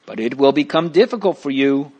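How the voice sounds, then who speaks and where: A man's voice: mid-range voice, lively intonation, fairly quick, a little mellow, breathy edge, dull audio. A man reading a story aloud, voicing a fearful neighbor woman who scolds and pleads in a raised voice. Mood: scolding.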